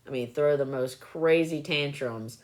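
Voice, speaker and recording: A woman casually telling animated anecdotes on a phone live stream, breaking into laughter as she goes. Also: sits low, a little slow. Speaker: livestreamer recalling clinic work.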